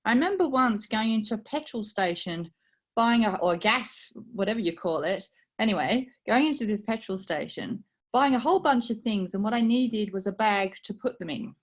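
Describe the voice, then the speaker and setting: Brief: middle-aged British woman with a slight Aussie twang, soft-spoken storyteller, talking over a video call. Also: medium pitch, expressive, normal speed. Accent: British with a slight Australian twang. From United Kingdom. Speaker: guest speaker. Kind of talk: personal story for a speaking club.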